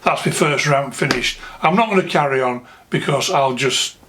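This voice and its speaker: A man's voice: mid-range voice, normal speed, noisy background. A man with a Yorkshire accent ranting to camera, angry, indignant and scornful. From England. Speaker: vlogger. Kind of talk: political rant to camera.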